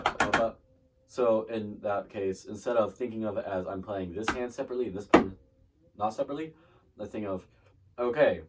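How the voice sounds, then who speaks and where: A man's voice: on the low side, heavy background noise. Chatty man teaching drumline parts. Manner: chatty, self-deprecating, trails off mid-demonstration. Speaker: drumline instructor. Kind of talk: casual drum lesson. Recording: distant mic with loud drum music.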